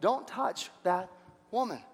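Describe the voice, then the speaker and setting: A man's voice: high-pitched, lively intonation, slow pace, husky, exaggerated voice. A man preaching who voices God giving a firm, commanding warning. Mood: stern. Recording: long hall reverb.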